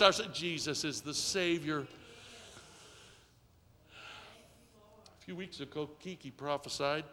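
A middle-aged male pastor preaching a sermon, leading call-and-response and swinging from hushed asides to shouting. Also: a little high, slow pace, pauses often, big-room sound. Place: church sanctuary.

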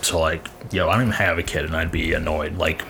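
A man in casual podcast chat, relaxed and sympathetic, swearing freely as he backs up his friend. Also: rumbling low, quick pace, creaky, noisy background. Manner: laid-back, profane, sympathetic.

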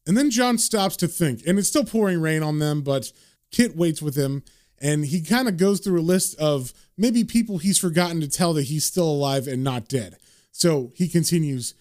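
A man's voice: fairly high pitch, expressive, normal speed, darkish tone. A man casually reading and retelling a comic book aloud, summarizing the panels between quoted lines.

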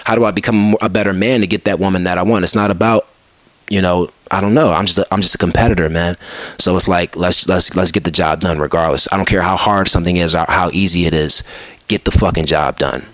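A man's voice: sits low, fairly even intonation, fast talker, a bit bright, no room sound. A man co-hosting a casual podcast chat, giving a profane, fired-up motivational speech full of restarts. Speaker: podcast co-host.

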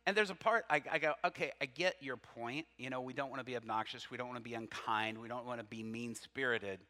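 A man preaching a sermon, reading scripture aloud with lively asides, laughing often and questioning his listeners. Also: medium pitch, fast. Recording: long reverb from a hall.

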